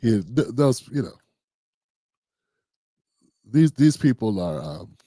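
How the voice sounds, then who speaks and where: A man's voice: mid-range voice, very animated, slow, mellow, dry recording. A man from Maryland hosting a livestream, talking casually and often asking "you know what I'm saying". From Maryland, USA. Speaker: livestream host. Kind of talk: casual monologue.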